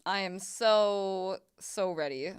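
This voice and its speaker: Young woman gaming on stream, chatty, swears a lot, smooth clear voice, keyboard clacking. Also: medium pitch, slow. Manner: chatty, swearing, laughing, exclamations. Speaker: game streamer. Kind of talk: casual gameplay chat.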